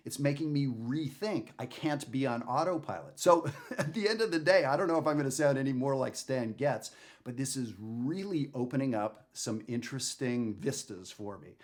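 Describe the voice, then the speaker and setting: A man talking through a jazz lesson on camera, chatty and self-deprecating. He thinks aloud and throws out rhetorical questions at a middle pitch. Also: animated, normal speed. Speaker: jazz saxophone teacher. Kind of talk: casual video lesson.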